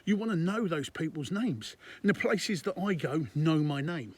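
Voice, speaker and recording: A man's voice: a little high, expressive, moderate pace, darkish tone, slightly rough, no room sound. A man, a business consultant, giving conversational and emphatic business advice to camera, repeating his points.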